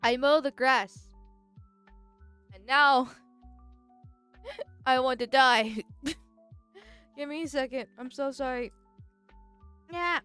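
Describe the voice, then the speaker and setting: A woman chats casually on a live stream, blunt and direct in the way she talks. Her nose is stuffy, but her voice stays smooth and resonant and sits slightly high. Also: takes it slowly, long pauses, pushed and bright, faint music behind.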